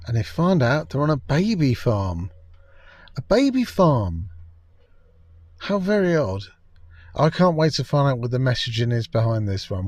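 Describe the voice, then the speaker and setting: A man's voice: medium pitch, a little mellow, dry recording. A man giving a sarcastic, scornful spoken review of a TV episode, swearing freely. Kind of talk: ranting video review commentary.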